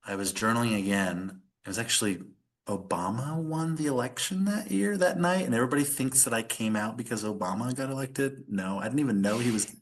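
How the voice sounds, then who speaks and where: A man's voice: medium pitch, lively intonation, a little fast. A middle-aged man, a podcast guest, telling a personal story in earnest conversation, with many fillers.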